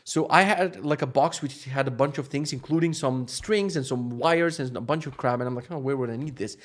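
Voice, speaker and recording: A young man telling a travel mishap story in a casual rant, exasperated and swearing, with animated bursts of frustration. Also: medium pitch, brisk. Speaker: vlogger.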